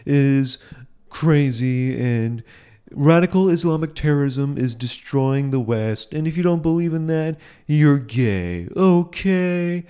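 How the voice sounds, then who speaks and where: A smug male television pundit, as a man puts him on, rants with theatrical pauses as if waiting for applause. The voice sits far higher than the speaker's own and swings up at the end of each line. It sounds slow, drawn out and overblown. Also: animated, mellow, clean tone. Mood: mocking.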